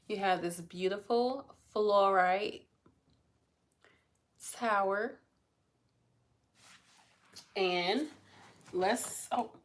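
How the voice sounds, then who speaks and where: A woman's voice: medium pitch, a bit bright, a little hiss or hum. A woman hosting a casual pick-a-card tarot reading, talking in a chatty, effusive, slangy way to her viewers.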